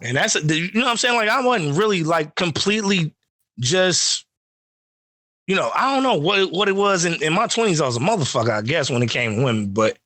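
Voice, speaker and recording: A man spins profane, animated stories on a casual podcast. His voice sits a bit high for a man and is recorded close and dry, with no room sound. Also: brisk, no room sound. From Chicago. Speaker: podcast host. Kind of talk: casual chat.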